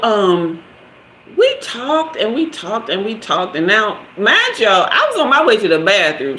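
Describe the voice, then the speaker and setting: Woman in her 50s spilling a story to her live chat, lots of laughing, echoey room, faint hiss. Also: medium pitch. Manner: lively, chatty, laughs often, addresses viewers directly. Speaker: host of a live tarot stream.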